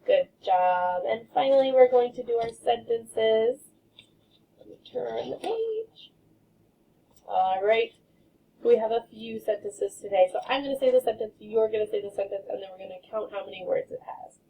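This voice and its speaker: A woman teaching a phonics lesson to kindergartners, modeling sounds and words slowly and clearly. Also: on the high side, expressive, mellow. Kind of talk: recorded remote phonics lesson. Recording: dull lo-fi sound from off-mic.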